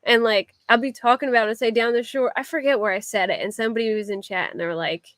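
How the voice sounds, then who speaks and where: A woman's voice: medium pitch, very fast, a bit bright, dry recording. Chatty Philly woman streamer. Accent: Philadelphia. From Philadelphia. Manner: rambling, with frequent "like" fillers. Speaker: livestreamer. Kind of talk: casual chat answering a live chat.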